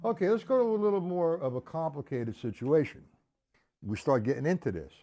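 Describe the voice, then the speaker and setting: Casual drum teacher counting beats. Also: male voice, a little high, expressive, brisk, music in the background. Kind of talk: live-streamed drum lesson. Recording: loud drum kit playing behind the voice.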